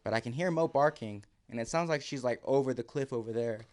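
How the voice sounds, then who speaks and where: A man of average pitch recounts a dramatic fall in relaxed podcast chat. He slips into the voices of his own past self and drops low and quiet when the story gets tense. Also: fast. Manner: vivid, acts out his own quotes, drops to near whisper. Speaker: podcast guest. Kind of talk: casual storytelling.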